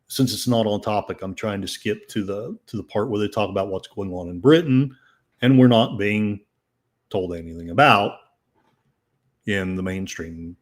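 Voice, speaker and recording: With a lowish voice and a moderate pace, an older man hosts a podcast where he reads out headlines and riffs on them sarcastically, rambling and using plenty of fillers.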